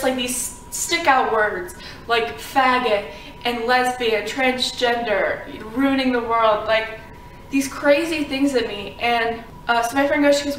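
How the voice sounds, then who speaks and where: A woman's voice: fairly high pitch, fairly bright tone, a little hiss or hum. A woman from Florida telling a personal story to camera in a casual, rambling way, full of "like" and "um". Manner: chatty, filler-heavy with frequent "like" and "um". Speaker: vlogger. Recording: roomy sound, mic at a distance.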